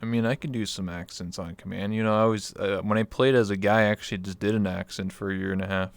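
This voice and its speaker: Male host from Canada, smooth but gravelly, dry close sound, rambling casual chat. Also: on the low side, fairly even intonation, fast talker, no room sound. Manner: rambling, filler-heavy, laughs easily. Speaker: interview host. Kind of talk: casual streamed interview chat.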